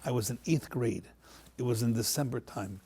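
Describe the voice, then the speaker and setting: A man telling a heartfelt personal story on a panel, animated and repeating phrases as he acts out the people in it. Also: medium pitch, normal speed, slightly rough. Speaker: panel guest.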